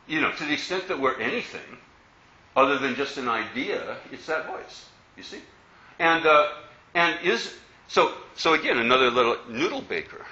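Bright and a little high, this man's voice sounds pushed as he gives a playful dharma talk as a Buddhist teacher. He peppers his audience with rhetorical questions, and the recording is roomy and slightly dull.

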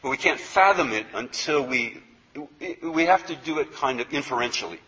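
A man's voice: mid-range voice, expressive, normal speed, pushed and bright, lo-fi sound. A man teaching a yoga philosophy class, conversational and repetitive, often checking in with "okay?". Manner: conversational, repeats words, asks "okay?" often. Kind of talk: spoken lecture to a class.

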